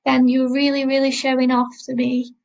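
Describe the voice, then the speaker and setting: Woman, French teacher, high voice, gravelly, slow and patient, repeats words. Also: completely flat delivery, a little mellow, rough recording. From England. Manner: slow, patient, repeats each word twice. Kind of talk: classroom lesson explaining French grammar.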